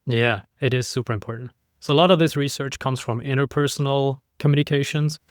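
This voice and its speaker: A man talking as a podcast guest in a relaxed, conversational way, acting out his points by shifting his voice up and down. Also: medium pitch, a little fast, dry recording, clean studio sound. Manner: animated, demonstrates inflection by playing with his voice. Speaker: podcast guest, keynote speaker.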